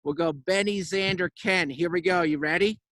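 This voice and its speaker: A radio host with a high-pitched voice runs a loose, chatty conversation. He fires off quick questions. His voice sounds dry and close. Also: a bit bright, no echo. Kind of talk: casual chat. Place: backyard, outdoors.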